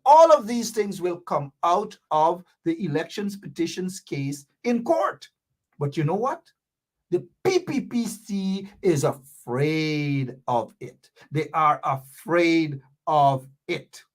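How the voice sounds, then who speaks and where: A man's voice: fairly high pitch, animated, slow pace. A man from Guyana with a Guyanese Creole accent, hosting a live-stream talk show, reading viewer comments and explaining local slang with lots of repetition.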